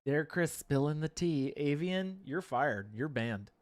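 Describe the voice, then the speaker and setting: A man's voice: a little high, lively intonation, measured pace. A man co-hosting a casual livestream and reading viewer chat aloud, playful and jokey with goofy asides.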